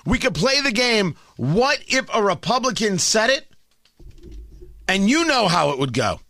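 A man's voice: sits high, very animated, unhurried, bright, forceful tone, no echo. A man hosting a political commentary show, sarcastic and emphatic, needling his target. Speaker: commentary host.

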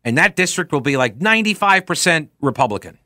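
A man hosts a political talk show in a slightly high voice. He talks casually with a sarcastic edge and drifts into asides as he reads listener messages. The sound is close and dry, with no room around it. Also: sing-song, fast talker, sharp tone, no echo. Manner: sarcastic, conversational, with frequent asides. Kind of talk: casual political commentary and reading listener tweets.

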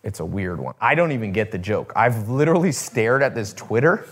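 A man's voice: fairly low pitch, big pitch swings, a little fast. A man hosting a casual talk to his viewers, rambling with restarts and swearing, acting out the people he quotes. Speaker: host.

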